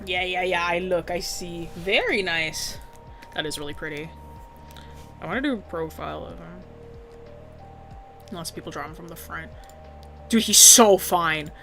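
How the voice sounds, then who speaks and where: A woman's voice: on the low side, normal speed, long pauses, a bit bright, faint music behind. A young woman chatting casually while she draws requests, laid-back, giggly and swearing casually. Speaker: artist streamer drawing requests. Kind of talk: casual chat while drawing.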